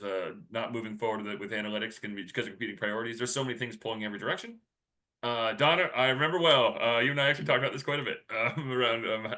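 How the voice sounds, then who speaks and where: A man's voice: fairly low pitch, sharp tone. A man co-presenting a webinar, talking casually and rambling with lots of fillers and restarts.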